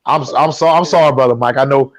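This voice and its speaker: A man's voice: medium pitch, steady tone, fast talker. A man hosting a talk show, speaking casually and emotionally, often stumbling and repeating his words. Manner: repeats words, stammers when upset.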